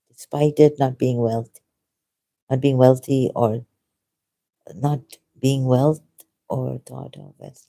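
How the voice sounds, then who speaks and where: Soft and mellow in tone, this medium-pitched, creaky voice moves at a leisurely, unhurried pace. During a casual debate chat, the speaker wanders and hesitates, often turning modest and self-deprecating.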